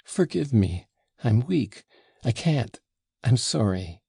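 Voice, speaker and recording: A man doing a high, husky young woman, impulsive and breathless, swinging from giddy commands to faint pleas. The voice sits well above the narrator's own, with a gravelly edge. Close, dry audiobook sound. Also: big pitch swings, slow pace, mellow, dry recording, exaggerated voice. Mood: faint, apologetic.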